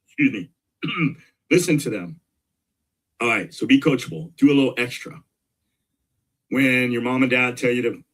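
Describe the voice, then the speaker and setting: Middle-aged male guest, husky, pushes his points with energy and repetition. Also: medium pitch, normal speed, pauses often. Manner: energetic, emphatic, repeats key points. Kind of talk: casual interview talk.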